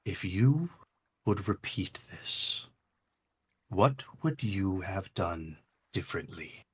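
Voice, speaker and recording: A man voicing an ancient, wise speaking heart in a solemn, hushed, measured tone for a tabletop game. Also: low-pitched, sing-song, breathy edge, exaggerated voice.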